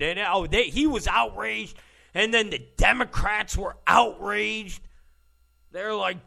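A man's voice: high-pitched, measured pace, creaky, bright, forceful tone. A man hosting ranting political commentary, sarcastic and mocking, who mimics opponents in exaggerated voices.

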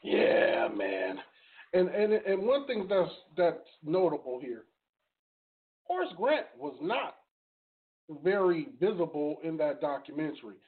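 A man's voice: fairly high pitch, big pitch swings, measured pace. A man hosting a casual sports podcast, laid-back and slangy, introducing clips. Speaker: podcast host. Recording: phone-like podcast audio.

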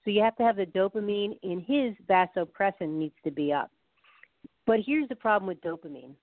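A woman's voice: medium pitch, animated, fairly quick, dry recording. A woman guest expert, talking in a chatty explanatory way and telling anecdotes with quoted voices. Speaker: guest expert on the science of love. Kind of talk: casual explanatory interview talk. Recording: phone-like narrow sound.

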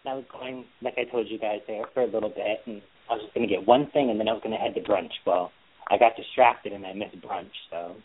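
A man's voice: lowish voice, fast, slightly rough. A man co-hosting a podcast, chatting casually in a sassy, playful, teasing way. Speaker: podcast co-host. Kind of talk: casual gossipy chat. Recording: tinny phone-like line.

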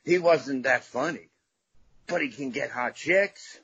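A middle-aged man with a husky, slightly rough voice tells rambling stories full of swearing, like a guest comedian chatting freely on a podcast. The recording sounds dull and a little lo-fi. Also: medium pitch, unhurried, fairly bright tone, no room sound. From Staten Island, New York. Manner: profane, rambling anecdotes. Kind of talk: casual podcast storytelling.

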